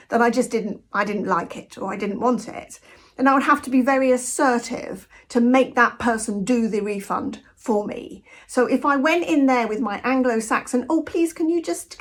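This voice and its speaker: A woman's voice: a little high, fairly bright tone. A British woman talking in a direct, conversational monologue, telling anecdotes from her own life. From Britain. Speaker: vlogger. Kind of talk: casual reflective monologue.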